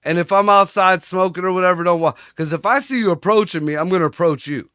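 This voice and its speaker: Bright-voiced, blunt man talking fatherhood. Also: sits high, fast talker, dry recording, studio quality. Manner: blunt, profane, laughs often. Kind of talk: casual chat.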